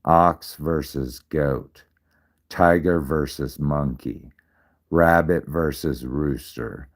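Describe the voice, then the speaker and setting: A man with an extremely low voice talks through a casual livestream explanation. He moves at an unhurried pace, repeating lists and counting aloud. He keeps checking in with the listener. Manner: repetitive, counts aloud, checks in with "all right?". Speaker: livestream host. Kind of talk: casual explainer on zodiac signs.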